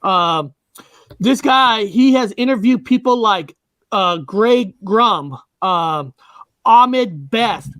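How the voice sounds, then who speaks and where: American man, high voice, dry close sound, hesitant host, video call. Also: expressive, drawn-out words, fairly bright tone, no echo. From United States, Washington state. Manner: loose, hesitant with many ums and uhs. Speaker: online show host. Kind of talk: casual video call interview.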